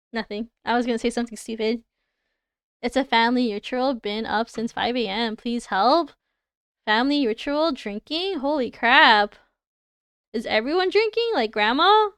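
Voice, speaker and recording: A woman's voice: fairly high pitch, unhurried, pauses often, a bit bright, clean tone, dry recording, clean studio sound. A young woman with a Canadian accent, chatting casually and giggling as she reacts to viewers on a livestream. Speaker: livestreamer reviewing design work.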